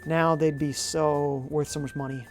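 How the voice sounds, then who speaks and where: A game streamer with a medium-pitched, level voice offers unhurried live commentary over faint background music. He reads viewers' chat aloud, chats freely, and muses and hums to himself while making decisions.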